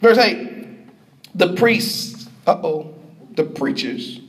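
A man preaching a sermon, reading verses and calling out to his congregation in an emphatic, drawn-out way. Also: sits high, lively intonation.

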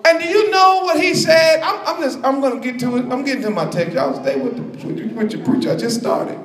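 High-voiced preacher in an echoey hall. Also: male voice, animated, fairly quick. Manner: call-and-response, dramatic retelling. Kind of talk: sermon. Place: church fellowship hall.

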